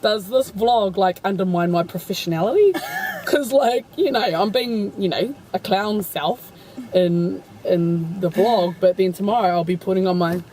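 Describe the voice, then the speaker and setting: A woman's voice: medium pitch, expressive, moderate pace, a little mellow. Chatty New Zealand woman vlogging outdoors. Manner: chatty and playful, laughing often. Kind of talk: casual travel vlog chat. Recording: street and traffic noise.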